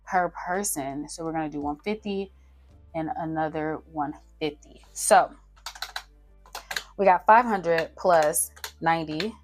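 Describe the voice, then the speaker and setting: Casual budgeting vlogger, young woman, fairly low voice, chats straight to camera and counts numbers aloud. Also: a little mellow. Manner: chatty, talks straight to her viewers, counts aloud. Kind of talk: casual talk-through while writing a budget. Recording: faint music behind.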